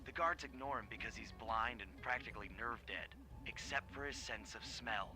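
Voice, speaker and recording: A man's voice: medium pitch, normal speed, close to an everyday voice. A man playing a wry raccoon thief giving orders. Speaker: video game character. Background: game music.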